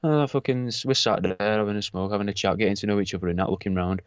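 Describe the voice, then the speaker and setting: Sweary storyteller. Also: male voice, fairly low pitch, fairly even intonation, fast talker, smooth, dry recording, dull audio. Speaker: podcast co-host. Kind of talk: casual podcast chat.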